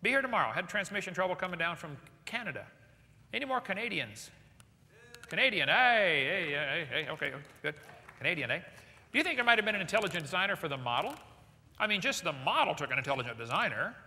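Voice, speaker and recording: A man giving a lecture to a live audience in a large hall, animated and jokey, firing rhetorical questions at the crowd. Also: high voice, rapid-fire. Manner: jokey asides. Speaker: seminar speaker. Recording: long hall reverb.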